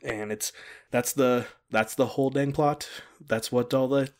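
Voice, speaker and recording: A man's voice: mid-range voice, steady tone, a little slow, a little mellow. Chatty man recapping a show. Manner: chatty, laughs often, acts out quoted lines. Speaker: podcast host recapping a TV pilot. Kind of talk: casual chat.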